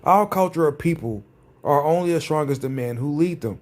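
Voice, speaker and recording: A man's voice: on the high side, lively intonation, normal speed. A man ranting in a vlog, sarcastic and combative, often repeating his phrases for emphasis. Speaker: vlogger. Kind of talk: ranting commentary.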